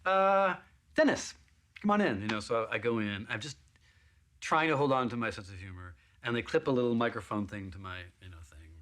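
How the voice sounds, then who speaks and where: A man's voice: fast talker, fairly bright tone. A man telling an audition story, acting out the other people's lines in it. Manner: acts out other people's lines with big pitch jumps. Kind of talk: animated anecdote.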